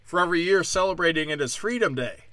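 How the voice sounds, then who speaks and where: A man's voice: on the high side, lively intonation, fast, pushed and bright, dry recording. A man hosting his own podcast alone, ranting with anger, swearing and sarcasm, and mocking others in put-on voices. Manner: angry, profane, sarcastic ranting. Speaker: podcast host and stand-up comedian. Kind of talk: solo ranting podcast monologue.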